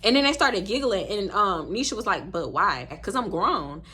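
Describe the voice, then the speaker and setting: A woman's voice: mid-range voice, big pitch swings, moderate pace, bright, forceful tone, breathy edge. A young woman in her twenties with a Houston Black American accent, telling a dramatic storytime on her vlog, acting out quoted voices and swearing freely. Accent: African American Vernacular English, Houston. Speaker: storytime vlogger.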